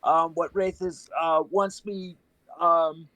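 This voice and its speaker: A man's voice: a little high, steady tone, takes it slowly, bright, forceful tone, no echo. A man playing a tabletop game, talking casually and searching for his words with many restarts. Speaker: player.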